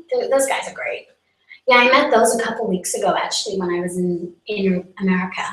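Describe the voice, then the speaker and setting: A woman's voice: mid-range voice, a bit bright. A boastful young woman rambles through a comic live stream as a self-styled celebrity, her speech full of "like" and mock outrage. She sits back from the mic. The room gives her voice a roomy echo. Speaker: comedic live stream host in character as a celebrity. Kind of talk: improvised character comedy monologue. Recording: roomy sound from a distance.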